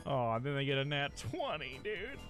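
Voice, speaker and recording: A man's voice: medium pitch, big pitch swings, normal speed, loud music behind the voice. A man live streaming a game, chatting casually with viewers, often swearing and laughing.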